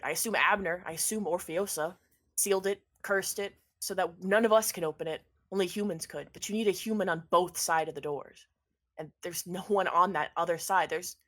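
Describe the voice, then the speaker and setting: A woman's voice: fairly low pitch, lightly acted. A woman voicing a nervous, defensive male angel who stammers.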